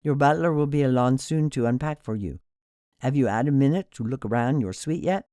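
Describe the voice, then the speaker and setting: A man's voice: mid-range voice, expressive, brisk, warm tone, no echo, clean studio sound, close to an everyday voice. Man doing a courteous Jamaican hotel director. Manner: formal, polite, welcoming.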